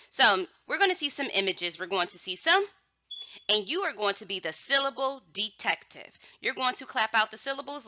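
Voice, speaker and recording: A woman teaching young children a phonics and vocabulary lesson, enunciating words slowly and emphatically, then calling out single words loudly. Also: mid-range voice, no room sound, dull audio. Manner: slow, emphatic, drawn-out enunciation with sudden loud word calls.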